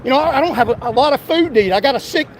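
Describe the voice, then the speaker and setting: High-pitched fast-talking man, lecturing. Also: animated, slight background noise. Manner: lecturing, argumentative, insistent. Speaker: taxi driver arguing with police. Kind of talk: heated street argument. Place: outdoors by a busy road.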